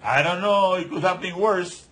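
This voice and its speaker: An older man in casual TV chat, excitable, sometimes fumbling for words. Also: sits high, normal speed. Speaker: show regular.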